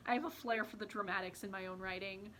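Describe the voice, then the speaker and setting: Bright-voiced woman rambling to camera. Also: medium pitch, fairly even intonation, fast talker, a little hiss or hum. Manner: rambling, self-deprecating, with frequent fillers. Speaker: book and writing vlogger. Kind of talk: casual chat to camera.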